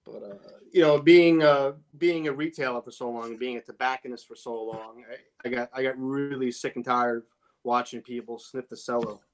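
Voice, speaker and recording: A man co-hosting a relaxed cigar podcast in a middle-pitched voice. He speaks in short, easygoing answers. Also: moderate pace. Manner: laid-back, brief answers. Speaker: podcast co-host, tobacconist. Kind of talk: casual cigar podcast chat.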